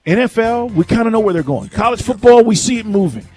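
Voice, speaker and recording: A man's voice: high voice, fast talker, breathy edge, soft background music. A man co-hosting a sports radio show, talking energetically and reading promos between segments. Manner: energetic, reads station promos and phone number.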